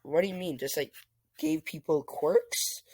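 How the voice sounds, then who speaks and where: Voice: mid-range voice, very animated, measured pace, vocal fry, darkish tone, husky, dry recording, heavily acted. A casual storyteller voicing an eager, polite young male hero, wide-eyed and thankful.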